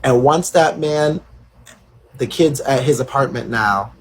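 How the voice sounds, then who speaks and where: A man's voice: medium pitch, steady tone, normal speed, slight background noise. Emphatic man hosting a livestream. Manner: emphatic, blunt and profane, often addresses viewers. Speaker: livestream host. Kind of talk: casual livestream commentary.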